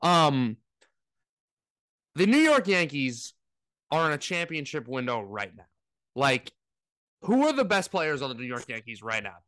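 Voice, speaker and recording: A man's voice: a little high, measured pace, pauses often, no room sound. A man co-hosting a podcast, ranting animatedly in casual sports talk. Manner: animated ranting, mocking impressions. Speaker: podcast co-host.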